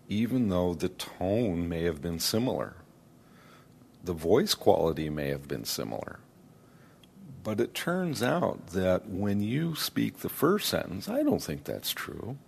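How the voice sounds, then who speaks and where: A man giving a lesson on speech, speaking slowly and deliberately. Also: deep voice, vocal fry, slight background noise. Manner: slow, deliberate, demonstrates voice placement. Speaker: accent teacher. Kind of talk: lecture.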